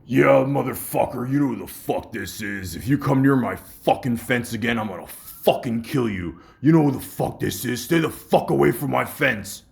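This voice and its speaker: A man's voice: mid-range voice, lively intonation, normal speed, creaky, few pauses, voice pushed up. A man imitating an agitated, threatening caller who swears aggressively. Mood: menacing. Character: agitated, threatening man shouting about his fence.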